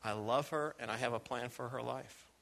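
A hushed, tender divine voice speaks softly and gently, dropping low and quiet, as a preacher acts it out. The tone stays bright despite the softness. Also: male voice, normal speed, vocal fry. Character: gentle divine voice of the Holy Spirit.

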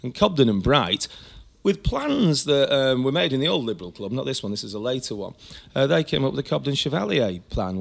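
A man's voice: mid-range voice, gravelly. A man, a tour guide talking eagerly about local buildings with many restarts. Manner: enthusiastic, rambling with many restarts. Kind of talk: conversational architectural history chat.

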